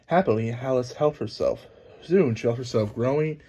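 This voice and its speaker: A man narrating a children's storybook aloud in a lively, expressive reading. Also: mid-range voice, moderate pace, husky. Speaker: storybook reader.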